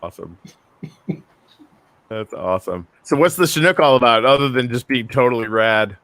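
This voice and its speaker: A man's voice: mid-range voice, moderate pace, a bit bright, no echo. A man hosting a casual online chat, blunt and upbeat, swearing freely, talking over a video call.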